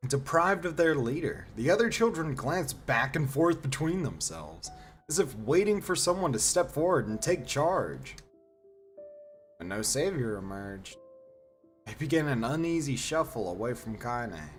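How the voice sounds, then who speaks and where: A man reading a novel aloud on a stream, expressive and slow. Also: medium pitch, soft background music. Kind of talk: dramatic reading with live reactions.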